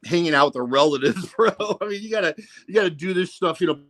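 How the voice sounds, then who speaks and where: A man's voice: a little high, animated, fast, fairly bright tone. A man hosting a casual livestream, rambling and profane, full of "you know, man.". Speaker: livestream host.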